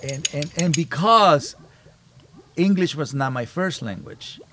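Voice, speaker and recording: A man's voice: on the high side, expressive, slow, fairly bright tone, a little hiss or hum. Emphatic man talking as a podcast host. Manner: emphatic, repeats phrases while building a point. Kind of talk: casual family podcast chat.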